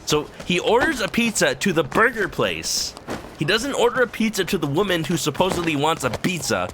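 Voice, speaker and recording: A man's voice: high-pitched, sing-song, moderate pace, noisy background. A male streamer giving casual, rambling, joking commentary over gameplay.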